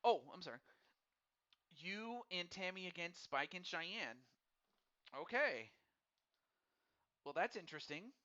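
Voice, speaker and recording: A man hosts a live wrestling game stream, chatting with viewers and tripping over his words as he thinks aloud. His voice sits a little high and comes through smooth and clear. The recording sounds dull and lo-fi. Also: expressive, slow pace, long pauses, pushed and bright. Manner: friendly and addresses viewers directly. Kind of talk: casual live-stream commentary.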